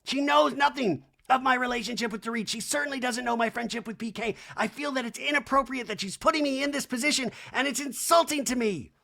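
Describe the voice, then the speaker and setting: A defensive reality-show woman whines in a high, bright voice, as a man puts her on. She sounds put upon and close to tears throughout. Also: fast talker, vocal fry, hardly any pauses, heavily acted. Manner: whiny, defensive, high-pitched. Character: weepy, defensive adult woman reality star.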